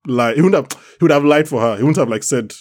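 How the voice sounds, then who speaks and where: A man from Nigeria hosting a casual recap podcast, ranting in an animated way and laughing often. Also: mid-range voice, fast. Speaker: podcast host. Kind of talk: casual chat, TV episode recap.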